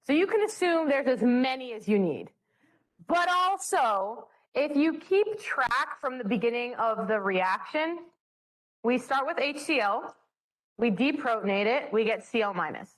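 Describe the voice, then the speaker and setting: A woman's voice: a little high, lively intonation, unhurried. A young woman leading a chemistry study session in a bubbly, joking way. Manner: bubbly, joking, self-mocking. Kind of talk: classroom teaching.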